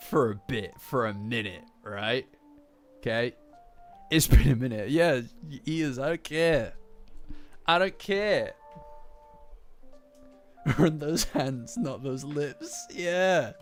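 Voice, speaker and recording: A man hosting a casual chapter reaction, breaking into heated, cursing outbursts between calmer reflective stretches. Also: mid-range voice. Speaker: manga reaction host. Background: faint lofi background music.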